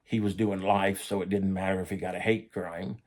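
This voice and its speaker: Middle-aged man, low-ish voice, casual profane storyteller. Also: steady tone, normal speed, a little mellow. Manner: blunt, profane, conversational. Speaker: former prisoner telling stories.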